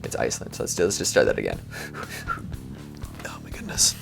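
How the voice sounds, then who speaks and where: Man with a gravelly, lively low voice. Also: brisk, music in the background. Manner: joking, self-mocking, rambling. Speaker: host of a countdown video channel. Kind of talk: casual outro and blooper chatter. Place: bedroom at home. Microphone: lavalier microphone.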